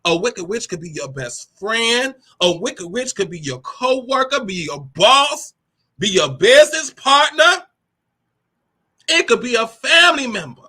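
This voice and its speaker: A woman hosting a motivational talk with a brassy, animated delivery, cursing freely and calling listeners honey and baby. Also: on the high side, breathy edge. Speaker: host of a motivational talk show.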